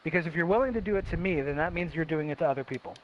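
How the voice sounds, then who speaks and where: A man's voice: fairly high pitch, rapid-fire. A man hosting a casual chat, talking emphatically and repeating himself as he reflects. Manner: emphatic, repetitive self-reflection. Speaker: host. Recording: dull lo-fi sound with faint hiss.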